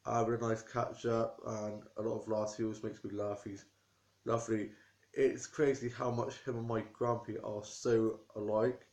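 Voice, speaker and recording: A talkative young man tells his day to camera in loose, rambling chat. His voice stays flat in pitch and has a gravelly creak. The sound bounces around an echoey room at home. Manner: rambling and chatty, with small restarts. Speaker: vlogger. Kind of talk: casual chatty storytelling to camera.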